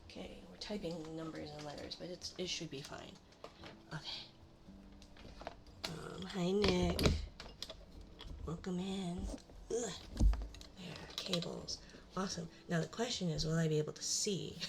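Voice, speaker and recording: A woman's voice: on the low side, measured pace, creaky, long pauses, heavy background noise. Self-mocking young woman muttering at her desk. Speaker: livestream host. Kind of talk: casual live-stream chat while setting up. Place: home room at her desk.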